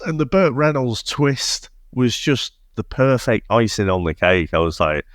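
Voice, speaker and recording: A man's voice: medium pitch, sing-song, measured pace, no echo, studio quality. A man co-hosting a casual film podcast, talking with enthusiasm, laughing often and swearing freely. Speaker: podcast co-host. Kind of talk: casual chat.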